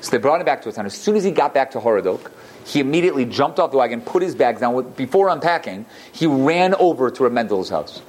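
A man's voice: medium pitch, fast. Man telling a Torah class story. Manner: animated, many restarts and asides. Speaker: rabbi teaching a class.

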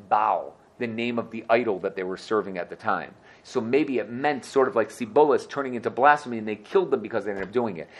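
A man leads a lively scripture lesson, reading each verse and then translating it. He throws himself into the quoted lines and often corrects himself mid-sentence. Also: mid-range voice. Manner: self-correcting, quick asides. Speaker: Torah teacher. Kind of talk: lively Bible class teaching.

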